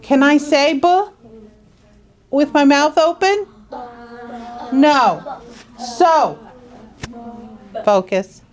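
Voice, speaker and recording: A woman teaching young students phonics in a school classroom, drawing words out slowly and asking coaxing questions. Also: high-pitched. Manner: slow, drawn-out, coaxing questions.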